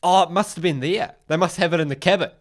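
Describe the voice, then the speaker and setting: A man as a co-commentator, trading quick, joking banter in casual rugby commentary. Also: high-pitched.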